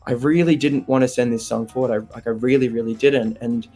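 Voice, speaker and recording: A young man with an Australian accent, talking openly and with feeling in an interview, animated and laughing easily. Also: mid-range voice, fairly quick, soft background music. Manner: candid, animated, laughs often. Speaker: interviewee, singer. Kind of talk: open, emotional interview chat.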